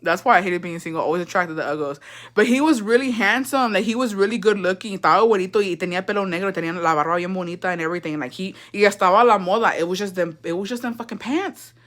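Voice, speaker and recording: Fast, bright-voiced young woman. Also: mid-range voice. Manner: profane, rambling, switches into Spanish. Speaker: vlogger. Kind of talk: casual storytime.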